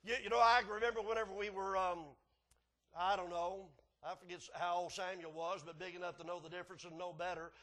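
A man preaching a folksy sermon, chuckling at his own stories and swinging from soft asides to hollering. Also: high voice, flat delivery, fairly quick.

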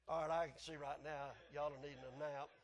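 Male preacher, high voice; folksy, chuckling, sudden hollers. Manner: folksy, chuckling, swings from soft asides to hollering. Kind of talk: sermon.

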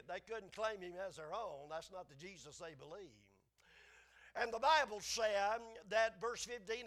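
A man preaching a Bible lesson, emphatic and repetitive, his delivery swinging from hushed lows to loud, ringing peaks. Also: normal speed. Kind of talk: sermon.

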